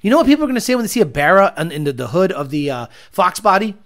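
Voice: medium pitch, sing-song, racing, few pauses. A livestream host reading viewer comments and ranting about car tuning with profanity and mockery.

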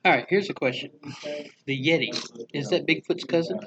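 A man's voice: fairly high pitch, a little fast, a crowd in the background. A man co-hosting a podcast in casual chat, tossing in questions and offhand remarks. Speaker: podcast co-host. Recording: dull lo-fi sound.

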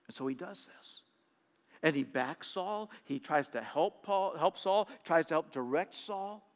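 A man preaching a sermon, reading scripture and explaining it, swinging from hushed trailing lines to loud emphatic reading, sometimes stammering on repeated words. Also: on the high side, long reverb tail.

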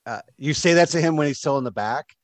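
A man's voice: fairly high pitch, fast talker, no room sound. A man narrating a tabletop game as game master, casual and rambling, full of fillers.

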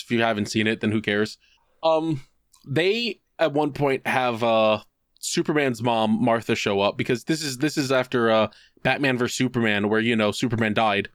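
A man co-hosting a podcast, telling a long story in casual chat. He is animated and profane, and he slips into put-on voices to act out quotes. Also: medium pitch, no echo, clean studio sound. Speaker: podcast co-host.

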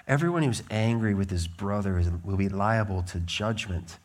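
A middle-aged man preaching a sermon as pastor, swinging from loud emphatic declarations to quiet conversational asides. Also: lowish voice, normal speed.

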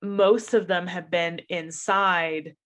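A woman's voice: lowish voice, fairly even intonation, takes it slowly, fairly bright tone. A young adult woman in casual chat, talking loosely with many fillers.

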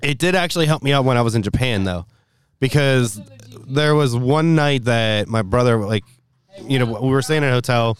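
A man's voice: medium pitch, moderate pace, clean tone. A man co-hosting a casual podcast, telling stories in a laid-back way and swearing often. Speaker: podcast co-host. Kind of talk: casual chat.

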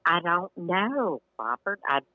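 A man's voice: high voice, big pitch swings, takes it slowly, phone-quality sound, crowd noise. An older man, telling stories as a podcast guest in a laid-back, rambling way. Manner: laid-back, rambling, hedges with "you know". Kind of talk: casual storytelling chat.

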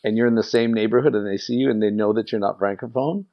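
A man's voice: lowish voice, fairly even intonation, quick pace, muffled recording. A man in casual chat, eagerly backing up a friend's story with his own.

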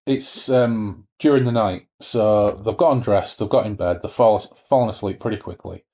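Deep-voiced man chatting about a book. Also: normal speed. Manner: relaxed, with hesitant fillers and restarts. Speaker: podcast co-host discussing a book. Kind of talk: casual chat and reading a horror novel aloud.

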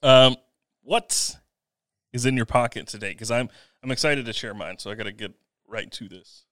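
A man's voice: medium pitch, normal speed, a bit bright, no room sound. A man co-hosting a podcast, chatting casually with a dry, teasing manner. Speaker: podcast co-host. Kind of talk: casual chat.

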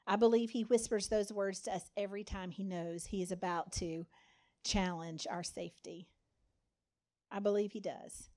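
A woman's voice: medium pitch, steady tone, moderate pace, darkish tone. Woman preaching conversationally. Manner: conversational, dramatizes quotes with voices. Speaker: speaker. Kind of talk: sermon.

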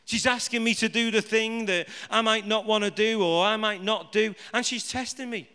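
A man preaches to his congregation in a high, ringing voice. He jokes and fires rhetorical questions at the room. His voice carries a long reverb from the large hall. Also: fairly even intonation, moderate pace, bright, forceful tone, clean tone. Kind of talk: live sermon to a congregation.

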